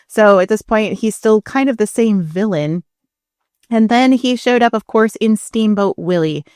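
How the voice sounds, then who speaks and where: A woman's voice: mid-range voice, a little slow, a little mellow, dry recording, studio quality. A woman co-hosting a casual podcast, chatting and explaining history with frequent laughs. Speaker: co-host.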